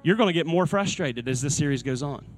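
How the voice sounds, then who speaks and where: Earnest preaching man, fairly high voice. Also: expressive, brisk, soft background music. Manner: earnest preaching, repeating key phrases. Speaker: pastor. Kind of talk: sermon. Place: church sanctuary.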